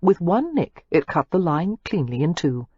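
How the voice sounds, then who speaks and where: A woman narrating an audiobook with expressive, measured storytelling. Her voice is low and husky, with a lively sweep of pitch. The recording is dry and somewhat dull. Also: no room sound. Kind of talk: scripted romance narration.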